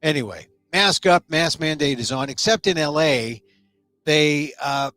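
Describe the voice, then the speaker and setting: A man's voice: fairly high pitch, expressive, measured pace, pushed and bright, no echo, soft background music. A man hosting a live-streamed talk show in a casual, rambling monologue, full of joking asides.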